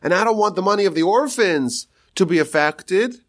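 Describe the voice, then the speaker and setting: A man's voice: high voice, animated, moderate pace, pitched above the performer's own voice. A man voicing an old father's earnest spirit. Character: grieving old father in the afterlife, tender.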